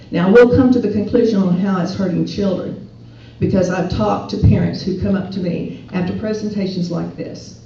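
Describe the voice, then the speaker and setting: A woman's voice: medium pitch, warm tone, a little hiss or hum. A woman giving an earnest, persuasive speech to an audience at a rally, often putting questions to the listeners. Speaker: speaker at a political rally. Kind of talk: public speech. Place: event hall. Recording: echoey hall, distant and dull.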